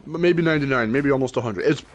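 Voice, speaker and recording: Young guy on a game stream, jokey and rambly, laughs a lot, middle-pitched voice. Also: quick pace, soft background music. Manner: joking, laughs often, rambling. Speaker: streamer and host. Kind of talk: casual gaming chat.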